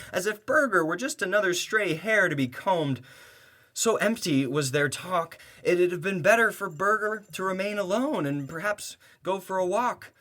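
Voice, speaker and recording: A man's voice: high voice, a bit bright. A young man performing rhyming spoken-word poetry with a sarcastic, heated edge and bursts of laughter.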